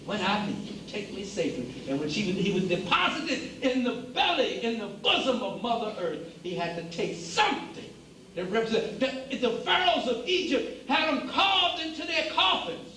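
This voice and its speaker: A man's voice: very high-pitched, big pitch swings, moderate pace, pushed and bright. A man giving a preacher-style lecture to an audience, emphatic and repeating phrases for emphasis. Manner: addresses the audience as brothers and sisters. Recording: roomy hall, speaker away from the mic, faint background hiss.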